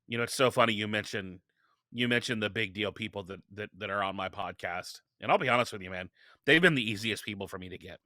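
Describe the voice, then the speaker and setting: A man's voice: lowish voice, fast talker, no room sound, clean studio sound. A man guest on a podcast, talking casually and telling stories with energy, often restarting his sentences. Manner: energetic storytelling with frequent restarts. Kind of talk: casual interview talk.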